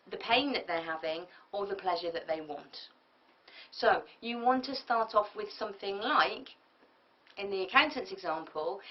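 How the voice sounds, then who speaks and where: A woman, a public speaking coach giving a tutorial lecture in a lively, emphatic way and acting out example lines. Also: medium pitch. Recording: distant mic, dull lo-fi sound.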